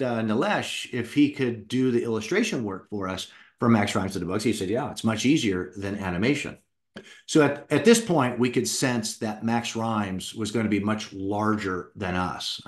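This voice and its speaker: A middle-aged man who writes children's books tells his personal story in an animated way and acts out what he said back then. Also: medium pitch. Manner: animated, acts out his own past words. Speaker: children's book author and founder.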